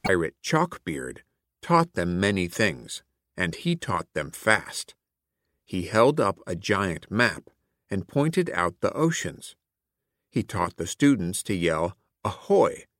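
A man reads a children's story aloud, slow and deliberate, with a lively, sweeping melody. His voice sits on the lower side. The sound is close and dry. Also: no echo. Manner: clear and expressive, like a teacher reading aloud. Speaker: storybook reader.

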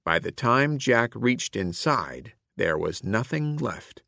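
A man reading a children's picture book aloud in a clear, expressive way, including its classroom activity prompts. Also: medium pitch, takes it slowly, dry recording. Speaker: storybook reader. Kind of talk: read-aloud children's story narration.

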